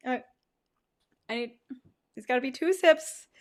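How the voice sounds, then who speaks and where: Lady hosting a whiskey stream, chatty and cussing, kinda high voice, groans at bad sips. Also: measured pace. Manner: chatty, swears, dramatic groans when tasting. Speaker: livestream host. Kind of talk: casual livestream whiskey tasting.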